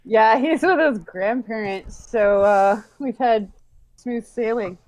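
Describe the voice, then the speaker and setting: A woman's voice: on the high side, takes it slowly, darkish tone, rough recording. A woman co-hosting a casual live stream, chatting easily and laughing often. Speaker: stream co-host.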